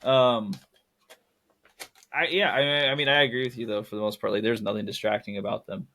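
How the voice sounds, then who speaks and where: A man's voice: medium pitch, fairly even intonation, brisk, pushed and bright. A young man co-hosting a casual film podcast, rambling and correcting himself, laughing at his own jokes. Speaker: podcast co-host.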